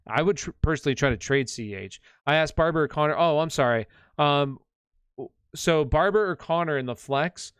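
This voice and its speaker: A man's voice: fairly high pitch, a little fast, a bit bright, smooth, dry recording, clean studio sound. A young man hosting a live sports Q&A stream, chatting casually with lots of fillers and rambling asides. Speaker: fantasy football livestream host.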